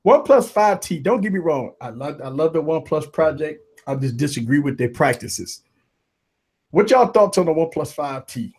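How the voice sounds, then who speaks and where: A man hosting a live tech talk stream, giving loud shout-outs to viewers and panelists in casual, hyped chat. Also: fairly high pitch, moderate pace, husky. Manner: hype, repetitive shout-outs, animated. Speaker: livestream tech show host.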